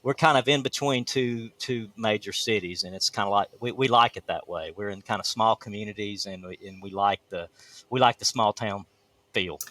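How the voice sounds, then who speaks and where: A man's voice: on the low side, normal speed, pushed and bright. A man from Georgia with a Southern accent, chatting as a guest over a remote call and often restarting his sentences. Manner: friendly, talks with many restarts and fillers. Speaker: real estate agent guest. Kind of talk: casual interview chat.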